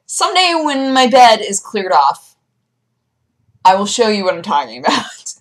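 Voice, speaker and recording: Lively young woman chatting casually. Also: unhurried. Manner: animated storyteller who jumps into high squeaky voices for pets and people. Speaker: vlogger. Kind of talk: casual chat.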